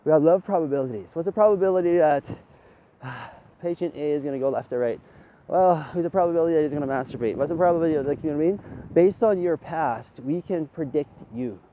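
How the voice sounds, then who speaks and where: A man's voice: a little high, fast, warm tone, muffled recording, slight background noise. A man talking in a loose, rambling monologue, swearing freely and tagging his lines with "right?". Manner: rambling, profane, tags lines with "right?", laughs often.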